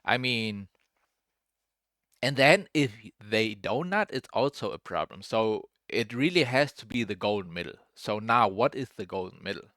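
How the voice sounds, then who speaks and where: A man's voice: lowish voice, animated, normal speed, a bit bright, no room sound, clean studio sound. A young man giving casual, rambling commentary as a streamer reacting to a clip, restarting his sentences often and calling everyone "bro". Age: young adult.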